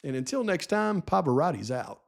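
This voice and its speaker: High-voiced insistent male commentator. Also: sing-song, moderate pace, gravelly, very noisy. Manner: insistent, lecturing, emphatic; frustrated. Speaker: channel host. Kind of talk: solo true-crime commentary.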